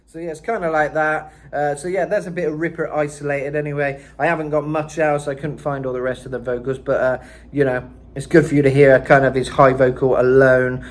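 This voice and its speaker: A man's voice: fairly high pitch, little pitch movement, a little fast, slight background noise. Rambling man coaching singing. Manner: rambling, filler-heavy explaining. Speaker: vocal coach. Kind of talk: casual vocal lesson.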